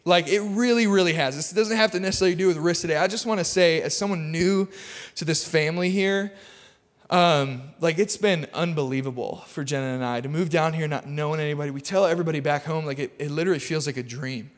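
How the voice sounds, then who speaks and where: High-voiced man preaching with humor. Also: quick pace. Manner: casual, storytelling, self-deprecating humor. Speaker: guest preacher. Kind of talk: sermon with personal stories. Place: large church auditorium. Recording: long hall reverb.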